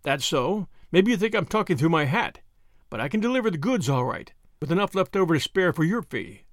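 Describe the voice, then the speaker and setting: A brash, blunt young man flush with money, as a male reader plays him. He talks in a lively, slightly raised voice, close and dry. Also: fairly high pitch, fairly quick, no room sound. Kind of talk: audiobook character voice.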